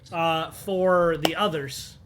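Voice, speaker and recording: Bright-voiced young man running a tabletop game. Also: fairly high pitch, steady tone, takes it slowly. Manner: casual, rambling, with filler words. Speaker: game master.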